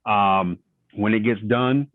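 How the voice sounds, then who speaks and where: Over a dry, tinny connection that resembles a phone, a man with a fairly low voice talks slowly. He's a retired wrestler guesting on a podcast, relaxed in the interview, drawing out long stories and doing impressions of the people he quotes.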